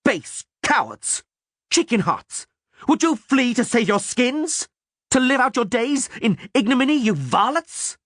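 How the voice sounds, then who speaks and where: A high, shrill bard in a full panic, his voice leaping wildly from word to word, as a man reads him. He shouts and gasps out every line. The tone has a husky edge and a dry, close sound. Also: very animated, normal speed, no echo, full character voice. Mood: scornful roaring. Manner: yelling, breathless urgency.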